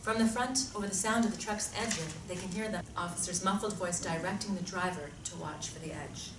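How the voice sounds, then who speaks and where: Woman narrating in a low voice. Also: a little fast. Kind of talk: scripted narration of a screenplay. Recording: echoey room from far off, noisy.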